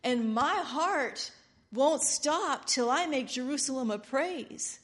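A woman's voice: sits high, expressive, takes it slowly, fairly bright tone, voice pushed up, full character voice. A woman voicing a devoted, determined male bridegroom in a sermon, speaking earnestly and with emphasis.

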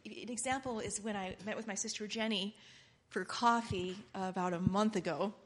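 A middle-aged woman giving a rambling, earnest, informal sermon that builds to loud, impassioned preaching. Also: mid-range voice, steady tone, normal speed, hardly any pauses.

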